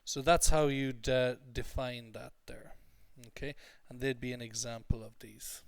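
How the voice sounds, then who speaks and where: A man's voice: mid-range voice, fairly even intonation, unhurried, no room sound. Male English teacher explaining patiently. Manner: explanatory, repeats points, frequent "okay?" checks. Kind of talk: recorded lesson recap.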